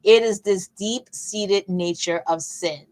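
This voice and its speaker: A woman coach leading a casual Bible teaching session, talking in a lively, conversational way with emphatic repeats and playful asides. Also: medium pitch, slow pace, rough recording. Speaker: fitness coach and faith session leader.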